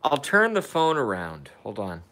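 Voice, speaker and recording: A man's voice: fairly low pitch, wildly swooping pitch, normal speed, pushed and bright. A tired man who has been up all night, chatting casually and profanely on a live stream, rambling and talking to his cat and viewers.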